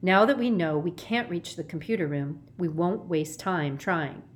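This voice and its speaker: Woman voicing calm boy leader Reynie. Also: lowish voice, unhurried. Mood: reassuring.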